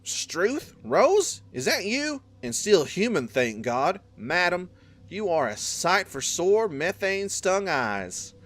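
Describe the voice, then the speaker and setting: A man's voice: sits high, big pitch swings, slow, fairly bright tone, pitched above the performer's own voice, exaggerated voice. A man voicing a wiry, courtly old male gardener with a put-on southern US accent, speaking in an old-fashioned gallant way. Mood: relieved, courtly.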